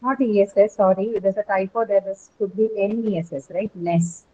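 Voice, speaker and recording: A woman's voice: medium pitch, fairly even intonation, brisk, dark tone. A woman with an Indian English accent teaching an online class, explaining step by step and checking understanding. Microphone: video call. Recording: tinny phone-like line.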